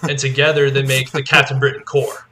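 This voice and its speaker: Rambling male podcast co-host, bright tone. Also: medium pitch, level tone, fairly quick. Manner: rambling, heavy use of filler "like", eager explaining. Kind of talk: casual chat.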